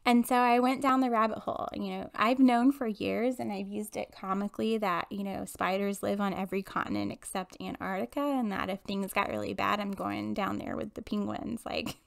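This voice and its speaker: A woman's voice: medium pitch, fairly even intonation, a little fast, gravelly, hardly any pauses. A woman hosting her own show, telling a personal story in a chatty, candid way with lots of fillers and laughs. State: emotional. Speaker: podcast host and intuitive medium. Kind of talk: casual storytelling monologue.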